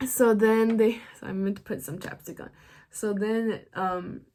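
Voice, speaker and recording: A woman's voice: medium pitch, steady tone, unhurried, warm tone. A young woman vlogger telling a story to camera in a casual, chatty way, full of slang and "like.". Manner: chatty, filler-heavy slang, frequent "like".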